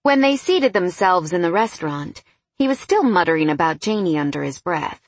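A woman reading a novel aloud in an even, storytelling narration. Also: on the low side, moderate pace, no room sound. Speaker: audiobook narrator. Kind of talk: scripted narration.

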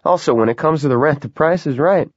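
A man doing an excitable young student, high and eager. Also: husky, no room sound, lo-fi sound. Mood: cheerful. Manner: excitable, quick to shout.

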